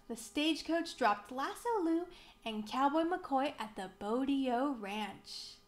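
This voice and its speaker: A woman reading a children's picture book aloud, slow, clear and expressive for young children. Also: high-pitched. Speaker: museum storybook reader.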